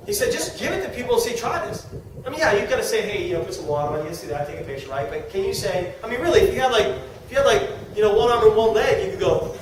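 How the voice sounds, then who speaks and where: Middle-aged guy doing a sales pitch to a room, joking around, loud background noise. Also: racing, few pauses. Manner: animated and joking, talks to the audience. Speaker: sales presenter. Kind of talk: live sales presentation to a room. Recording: echoey room from far off with noise.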